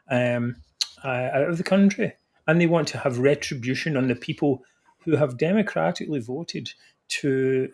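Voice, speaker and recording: A man's voice: medium pitch, darkish tone. Scottish man, emphatic podcast co-host. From Scotland. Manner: emphatic, frequent fillers and restarts. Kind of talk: casual political discussion.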